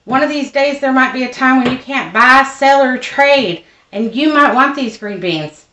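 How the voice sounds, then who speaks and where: A woman voicing her thrifty older mother with a slow Southern US drawl, warning that hard times may come. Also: sits high, fairly bright tone, muffled recording, pitched above the performer's own voice. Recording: roomy echo, distant mic, faint noise.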